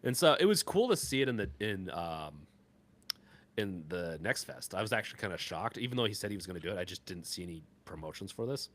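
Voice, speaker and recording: A man co-hosting a live gaming podcast, talking casually in a rambling, halting way full of fillers and restarts. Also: low-pitched, sing-song, fairly bright tone. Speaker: podcast co-host.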